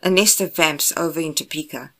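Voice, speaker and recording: A woman voicing a man phoning his brother, talking quickly in a raised, keyed-up voice. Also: sits low, a bit bright. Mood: urgent. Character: younger brother on the phone, urgent, man.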